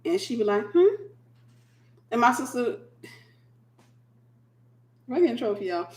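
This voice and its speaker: A woman minister hosting a casual late-night livestream, a sleepy, animated storyteller. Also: on the high side, moderate pace, roomy sound. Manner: animated storyteller who acts out quoted voices.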